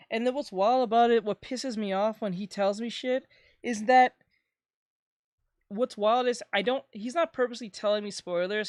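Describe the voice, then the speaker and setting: A woman streamer chatting casually, rambling and swearing, with bursts of loud ranting. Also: medium pitch, dry recording, studio quality. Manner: rambling and profane, breaking into loud ranting and laughter. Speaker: streamer reacting to videos. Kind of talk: casual chat.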